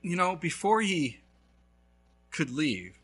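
A male pastor preaching a sermon, telling a story with lively swings between loud and hushed. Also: a little high, slow pace, breathy edge.

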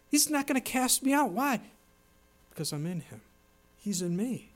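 A man's voice: extremely high pitch, moderate pace. A man preaching a sermon in an earnest, emphatic way, quoting and explaining scripture. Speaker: pastor.

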